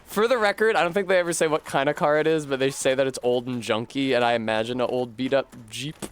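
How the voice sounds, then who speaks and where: A man's voice: mid-range voice, fast talker, a little hiss or hum. A man streaming a video game, rambling through profane, joking retellings of a book. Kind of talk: casual gameplay chat.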